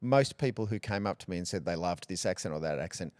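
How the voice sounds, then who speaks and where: A middle-aged Australian man talking candidly in a relaxed interview, joking and rambling through stories. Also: deep voice, fast, clean tone, no echo, clean studio sound. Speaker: podcast guest, radio personality.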